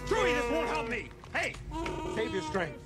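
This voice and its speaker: An actor playing a brave space smuggler, speaking in a strained, urgent way in a film clip. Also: male voice, very high voice, huge pitch swings, normal speed, full character voice. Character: Han Solo, roguish space smuggler, brave. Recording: film clip with loud music.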